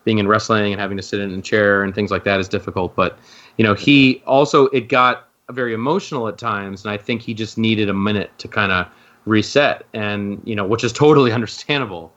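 A man with a fairly low voice chats as a podcast guest. He rambles, stacks fillers and restarts his sentences. The audio is dull and lo-fi. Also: brisk, fairly bright tone. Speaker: guest, docuseries co-creator. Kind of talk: casual podcast conversation.

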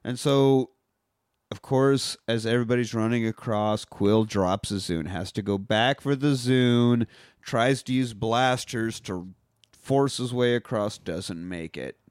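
Guy cracking crude jokes while recapping a movie, average pitch, dry sound. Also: darkish tone, smooth, no room sound. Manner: joking, crude, quick asides. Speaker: podcast co-host. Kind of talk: casual movie discussion.

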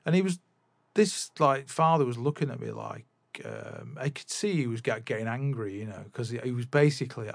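A man's voice: mid-range voice, sing-song, moderate pace, vocal fry, no room sound. A man hosting a podcast, telling a long story in a casual, rambling way with many restarts. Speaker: podcast host and drum teacher.

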